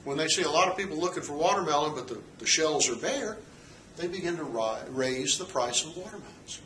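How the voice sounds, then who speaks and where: A man's voice: on the high side, lively intonation, a little fast, pushed and bright, slight background noise. A man teaching economics in a lecture, asking rhetorical questions and checking in with "okay?". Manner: asks the class rhetorical questions. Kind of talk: recorded lecture. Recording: echoey room, mic at a distance.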